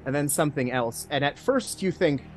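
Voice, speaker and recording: A man narrating a tabletop game as game master in a hushed, suspenseful way. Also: fairly high pitch, animated, a little fast.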